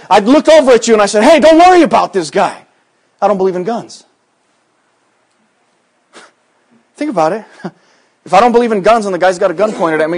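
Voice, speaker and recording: A man preaching a sermon in a folksy, conversational way, dropping soft and low, then rising to loud, high exhortation.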